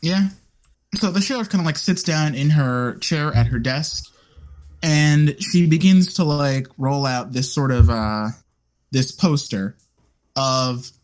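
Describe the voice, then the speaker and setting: A man's voice: fairly high pitch, takes it slowly. A man narrating a tabletop role-playing game as game master, in a loose, hesitant way with many fillers.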